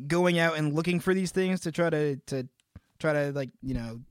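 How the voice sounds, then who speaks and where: A man's voice: a little high, moderate pace, smooth, no echo, clean studio sound. A young man co-hosting a casual podcast, easygoing and rambling, full of "you know". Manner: easygoing, rambling, lots of fillers. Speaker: band member and podcast co-host.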